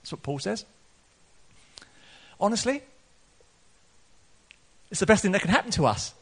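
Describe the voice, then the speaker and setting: An earnest male preacher delivers a sermon, his slightly high voice climbing sharply whenever he gets excited. He laughs often between points. He keeps an open, personal tone throughout. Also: measured pace, slightly rough. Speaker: pastor.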